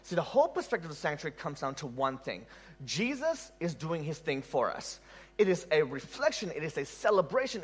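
A man preaching a sermon in an animated way, asking rhetorical questions and laughing at his own stories. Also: a little high.

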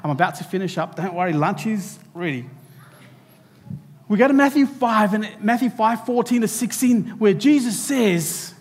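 A man's voice: high-pitched, lively intonation, normal speed, breathy edge, in a large hall. A man preaching a sermon to a church, speaking animatedly and turning to the children directly. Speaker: pastor. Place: church hall.

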